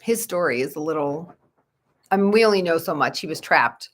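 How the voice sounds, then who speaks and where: A woman's voice: sits low, lively intonation, brisk. A woman who practices Reiki, chatting casually on a livestream at home at night and cooing to her dogs in baby talk.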